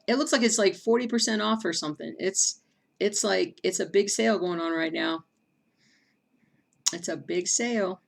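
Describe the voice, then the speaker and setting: A woman hosting a casual livestream chat, reading viewer comments aloud between bursts of excitement. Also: on the low side, a little slow, creaky. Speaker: stream host.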